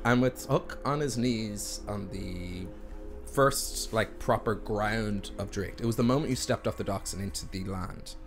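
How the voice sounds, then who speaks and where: A man's voice: on the low side, measured pace, faint music behind. A man serving as game master and host, chatty and laughing often while he narrates and signs off the stream.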